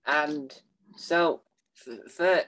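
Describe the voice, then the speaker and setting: A young interviewer asks questions with eager enthusiasm. He keeps restarting and stumbling over words. His pitch sits in the middle range. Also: fairly bright tone. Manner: eager, halting, many restarts. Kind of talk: casual interview.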